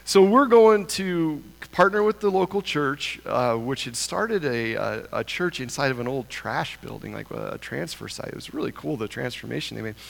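A pastor from Idaho telling a humorous, self-deprecating story in a sermon. He talks in an animated way and chuckles often. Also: medium pitch, moderate pace, gravelly, few pauses. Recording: long reverb of a large hall.

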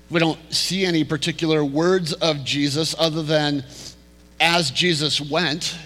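A male pastor preaching a storytelling sermon, slowing down and dropping to a hush for emphasis. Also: fairly high pitch. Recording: reverberant hall.

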